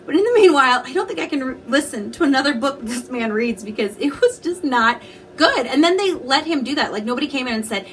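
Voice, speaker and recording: High-voiced animated woman reviewing books. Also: quick pace. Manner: animated, opinionated, with frequent asides and mock quotes. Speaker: book reviewer. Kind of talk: casual book review vlog.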